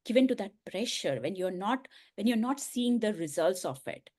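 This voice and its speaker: A middle-aged woman, a coach and speaker, telling a personal story in an interview, earnest and emotional with soft laughs. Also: medium pitch, lively intonation, normal speed.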